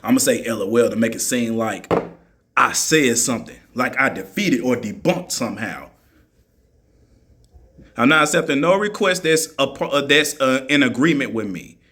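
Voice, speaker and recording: A man's voice: mid-range voice, animated, normal speed, bright, forceful tone, husky. A man in a heated monologue, answering critics in an argumentative, mocking way and repeating his points for emphasis. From United States.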